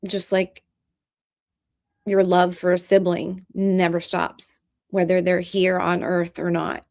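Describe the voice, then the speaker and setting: A woman vlogger talking in an earnest, halting, emotional way in casual commentary. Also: fairly low pitch, monotone, gravelly, a little mellow.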